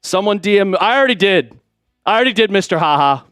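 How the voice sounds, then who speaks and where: A man hosting a live sports stream, excitedly reading out donations and shouting, out of breath at times. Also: high-pitched, fast talker, clean tone, no echo, studio quality, soft background music. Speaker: livestream host.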